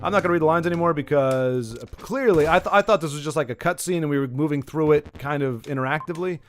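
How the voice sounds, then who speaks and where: A man's voice: fairly high pitch, quick pace, soft background music. A man casually commenting while playing a story game, rambling with restarts and asides. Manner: rambling, self-interrupting asides while reading game dialogue. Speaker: gaming video host. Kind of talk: casual let's play commentary.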